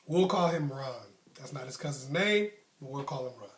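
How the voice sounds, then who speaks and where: A man's voice: mid-range voice, animated, moderate pace, far from the mic. A man casually telling a personal story as a channel host, conversational, with frequent ums and likes. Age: adult, past his youth. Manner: conversational, many ums and likes, acts out friends' tough talk. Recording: echoey room.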